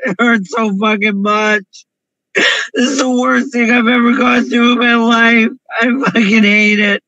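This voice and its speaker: A man's voice: very high voice, flat delivery, unhurried, pushed and bright, no room sound, muffled recording. A man crying through an emotional confessional vlog, pleading and repeating himself over and over from his parked car. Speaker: vlogger.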